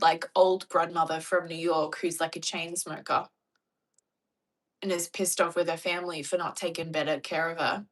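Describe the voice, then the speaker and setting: A woman's voice: fairly low pitch, flat delivery, normal speed, poor audio. An Australian woman with an Australian accent, chatting casually with her viewers and wandering off on tangents. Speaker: streamer answering viewer questions. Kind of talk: casual chat.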